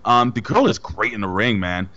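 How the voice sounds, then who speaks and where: A man's voice: fairly low pitch, expressive, normal speed, sharp tone. Man, podcast co-host, blunt and emphatic, rambles, lo-fi dull sound. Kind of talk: casual chat.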